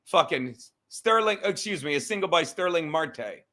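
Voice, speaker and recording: Livestream host, male, high and bright, profane rambling rant, easily sidetracked. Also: lively intonation, moderate pace.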